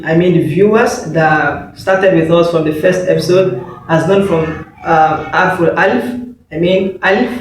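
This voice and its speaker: A man teaches an online lesson with a patient, repetitive manner and often puts questions to the listener. His voice sits a little high. The recording is very echoey, with faint noise in the background. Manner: patient, repeats words and asks the listener questions. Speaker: Arabic letters teacher.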